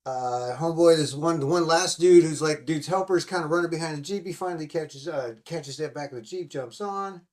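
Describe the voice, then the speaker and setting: Rambling, profane man with a higher voice. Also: brisk, hardly any pauses, a little mellow. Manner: rambling and profane, full of fillers. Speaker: podcast host. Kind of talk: casual film-recap chat.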